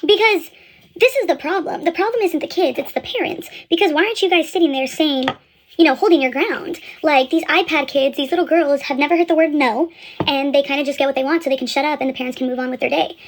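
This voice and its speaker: A young woman from a retail store speaks quickly in a high-pitched voice, with slight noise in the background. Her story comes out blunt and casual, peppered with fillers and the occasional swear word.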